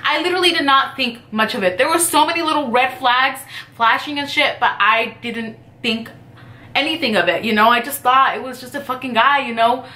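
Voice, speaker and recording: A woman's voice: high-pitched, a little fast, sharp tone, reverberant, a little hiss or hum. A woman vlogger telling a personal story in a rambling, profane, casual way, filling her talk with "like". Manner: profane, rambling, heavy use of "like".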